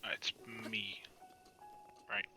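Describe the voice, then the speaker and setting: A man reading the part of a monotone, deadpan woman mage librarian. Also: a little high, normal speed, faint music behind, rough recording. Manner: flat, deadpan delivery. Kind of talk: casual fan story reading.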